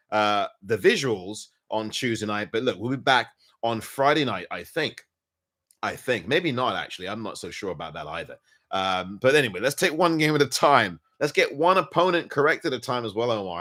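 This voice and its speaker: A man's voice: on the low side, expressive, a little fast, sharp tone. A man with an English accent hosting a casual post-match football chat, laughing at his own slip-ups and teasing himself by name. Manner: self-mocking, talks to himself by name. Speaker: podcast host.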